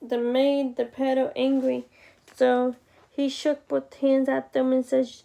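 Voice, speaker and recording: A woman reading a picture book aloud, slow and with chatty asides to the listener. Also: sits high, flat delivery, creaky, dark tone. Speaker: storybook reader.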